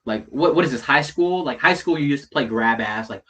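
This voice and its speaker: A man casually telling a story, swearing a lot, tagging lines with "right?" and "bro", rising loud in the heated parts and dropping low in the asides. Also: brisk. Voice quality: heavy swearing, slangy, repeats "right?" and "bro". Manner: animated, swings from loud retelling to low mutters.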